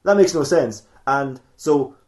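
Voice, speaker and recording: A man's voice: mid-range voice, unhurried, darkish tone. A man, hosting a podcast and telling an improvised comedy story in a rambling way, often laughing and restarting his sentences. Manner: rambling, with many self-interruptions and restarts; laughs often while talking. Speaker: podcast host.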